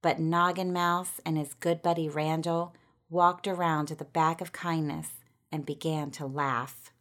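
Low-voiced woman reading a storybook. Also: steady tone, unhurried, fairly bright tone. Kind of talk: storybook narration.

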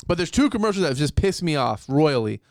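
Fast-talking profane ranting man. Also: fairly high pitch, sing-song, dry recording, clean studio sound. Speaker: podcast co-host. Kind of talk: casual ranting chat.

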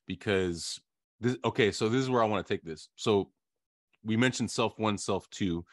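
A man's voice: fairly low pitch, moderate pace, no room sound, clean studio sound. A man hosting an interview, thinking aloud in a reflective way with frequent hesitant fillers. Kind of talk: conversational interview.

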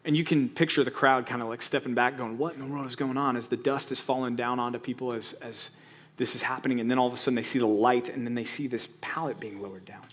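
A man preaching a sermon as pastor, reading scripture slowly and swinging between loud emphatic lines and quiet asides. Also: mid-range voice, fairly even intonation. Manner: reads scripture slowly, stretching key words.

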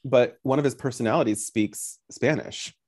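A man's voice: mid-range voice, normal speed, a little mellow, slightly rough. Chatty man with playful asides on a podcast. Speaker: podcast co-host. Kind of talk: casual chat.

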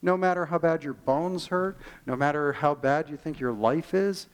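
A man preaching in a church with a fairly high voice. He delivers an animated sermon, acts out the voices of the people in his stories and slows right down on the lines he wants to land. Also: clear, resonant tone. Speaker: pastor.

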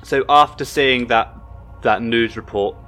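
A man describing his character's moves in a tabletop game. He speaks slowly and haltingly, restarting his sentences often. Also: mid-range voice, sharp tone, faint music behind. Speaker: player.

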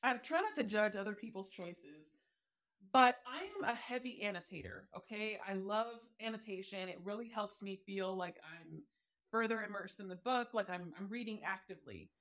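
A woman guest on a casual podcast, speaking from her home office, animated and laughing often. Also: mid-range voice, moderate pace. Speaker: podcast guest, book reviewer.

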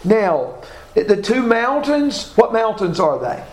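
A man's voice: high-pitched, sing-song, slow, darkish tone. A man teaching a Bible class, reading scripture aloud and asking his students questions. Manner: reads scripture aloud, asks class questions, self-corrects. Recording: echoey room, faint background noise.

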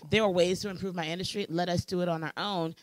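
A woman co-hosting a podcast who chimes in with quick, emphatic commentary during a casual group chat. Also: on the low side, steady tone. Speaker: podcast co-host.

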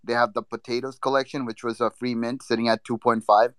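A man's voice: mid-range voice, level tone, a little fast, fairly bright tone, clear, resonant tone, no echo. Laid-back man, heavy on fillers. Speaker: crypto trader guest. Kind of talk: casual chat in an online audio room.

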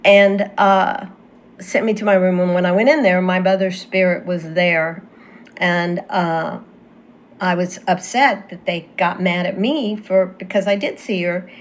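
A woman's voice: fairly low pitch, fairly even intonation, slight background noise. A woman talking as a guest medium, telling a personal story in casual conversation with fillers and restarts. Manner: earnest, halting with fillers and restarts.

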